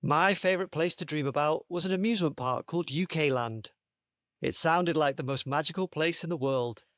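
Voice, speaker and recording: A man's voice: on the high side, a little fast, a bit bright, no room sound, clean studio sound. Man reading a silly tale aloud. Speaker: podcast panelist. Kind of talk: reading a comic story aloud.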